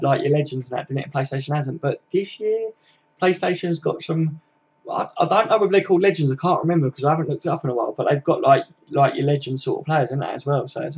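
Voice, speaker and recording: A man, chatting casually and rambling on a live stream to his viewers. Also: on the high side. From England. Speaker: fan channel host.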